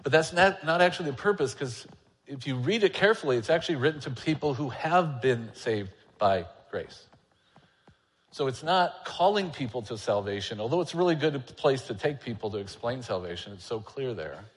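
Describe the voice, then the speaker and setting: Male church elder, sermon, candid and self-deprecating, mid-pitched voice, long hall reverb. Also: expressive, normal speed. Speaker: elder preaching. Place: church sanctuary.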